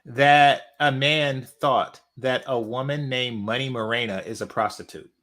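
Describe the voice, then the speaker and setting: A man's voice: medium pitch, measured pace, a bit bright. A man hosting a reaction commentary, ranting and mocking, repeating his points for emphasis. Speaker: commentary channel host.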